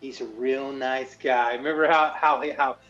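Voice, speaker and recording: A man's voice: medium pitch, fairly even intonation, moderate pace, fairly bright tone. A man in casual chat who laughs often and mocks people in sung parodies. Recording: muffled lo-fi with faint music.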